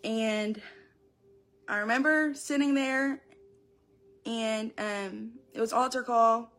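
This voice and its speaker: A young woman shares a personal testimony in church, her voice sitting a little high for a woman. She talks earnestly and haltingly, often on the edge of tears, stopping and restarting as she goes. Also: steady tone, fairly bright tone. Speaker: church speaker giving testimony.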